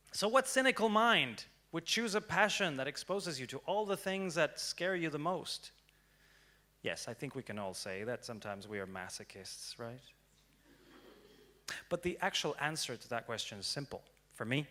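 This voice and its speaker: A young man giving a prepared storytelling talk on stage, dramatic and swinging from hushed to loud. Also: medium pitch, sing-song, normal speed, long pauses. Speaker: speaker. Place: stage before an audience.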